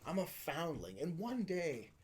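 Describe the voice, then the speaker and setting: A man playing a board game and improvising a playful in-character story, jumping between loud shouts and whispered asides. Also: on the high side, huge pitch swings, measured pace, slight background noise.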